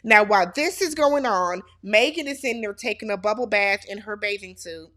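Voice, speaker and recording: A sassy woman hosts a casual reality TV recap, addressing the show's cast directly. Her mid-range voice is bright and forceful, at a moderate pace.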